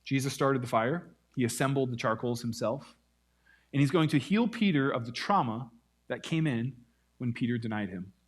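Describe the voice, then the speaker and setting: Man preaching an animated sermon. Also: mid-range voice, moderate pace, breathy edge. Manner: animated storytelling with acted-out quotes. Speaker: pastor.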